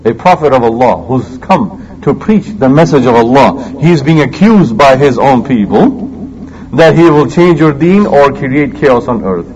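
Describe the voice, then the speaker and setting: A male preacher delivering a sermon in a fairly high voice that leaps up and down with great animation. He shifts between loud emphasis and hushed asides, and rattles off quick Quranic Arabic between his English explanations. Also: animated, poor audio. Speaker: Islamic preacher.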